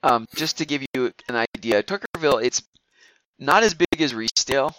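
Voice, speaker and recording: A man's voice: medium pitch, animated, normal speed, a bit bright, no room sound, poor audio. A man narrating as game master of a tabletop game, rambling with many fillers and restarts.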